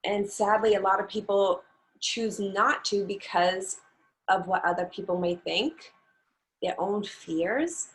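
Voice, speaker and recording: A woman hosts an interview at a slow, measured pace. She talks earnestly and weighs each word. Her pitch sits in a middle range. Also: slight background noise, low-quality recording. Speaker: host. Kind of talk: conversational interview.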